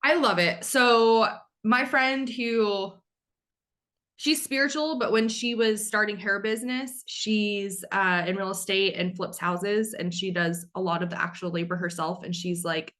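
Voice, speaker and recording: A bubbly woman hosting a podcast, gushing with excitement and swearing offhandedly. Her voice sits in a middle register, and her talk is loose and conversational. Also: medium pitch, unhurried. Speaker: podcast host. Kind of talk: casual chat.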